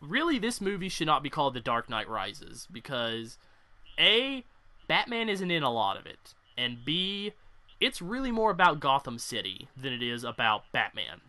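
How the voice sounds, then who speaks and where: A man's voice: a little high, big pitch swings, normal speed, pushed and bright. A young man hosting a casual podcast, ranting with strong opinions and some swearing. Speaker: podcast host.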